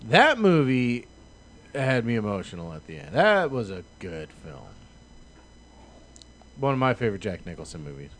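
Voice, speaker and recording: An easygoing man hosts a podcast in relaxed chat. His pitch swings widely as he talks. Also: normal speed, pauses often. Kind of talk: casual chat.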